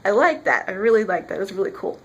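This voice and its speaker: Animated chatty woman reviewing comics. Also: mid-range voice, fast talker, lo-fi sound, a little hiss or hum. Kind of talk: casual vlog review.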